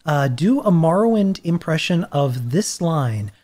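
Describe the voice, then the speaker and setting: A woman hosting a casual podcast game, reading lines out slowly and laughing often. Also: low-pitched, expressive, mellow. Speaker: podcast host.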